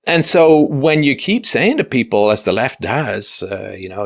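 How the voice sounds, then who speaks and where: A man's voice: medium pitch, animated, normal speed, few pauses, fairly bright tone. A man hosting a conversation, arguing his points at length and building them with examples. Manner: argumentative, builds points with examples and acted quotes. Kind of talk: casual conversation.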